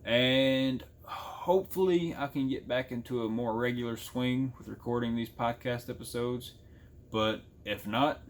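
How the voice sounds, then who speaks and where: A man's voice: medium pitch, measured pace, a little hiss or hum. A man hosting his own podcast solo, rambling in a casual way, repeating words and swearing offhand. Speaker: podcast host.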